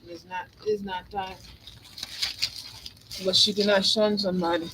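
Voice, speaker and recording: A man's voice: high voice, flat delivery, measured pace, noisy background. A man giving a spiritual tarot reading monologue, rambling and emphatic, repeating phrases again and again. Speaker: tarot reader.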